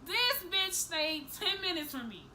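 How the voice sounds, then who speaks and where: A young woman vlogger telling a story to the camera in a casual, animated, profane way, acting out each person's lines. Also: very high voice, a little slow, slight background noise, rough recording.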